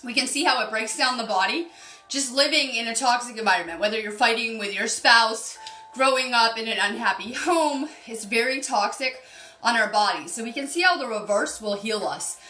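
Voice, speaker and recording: Woman, card reader, chatty live-stream talk, bright voice, echoey room, faint music behind. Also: a little high, normal speed. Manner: chatty, laughing, greeting viewers by name. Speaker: spiritual healer reading cards on a live stream.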